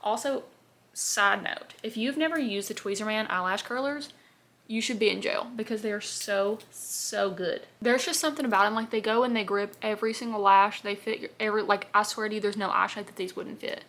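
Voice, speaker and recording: A woman's voice: mid-range voice, fairly even intonation, fairly quick, fairly bright tone. A young woman, chatting in a bubbly, rambling way while doing her makeup on camera. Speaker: beauty vlogger. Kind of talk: casual get-ready-with-me chat.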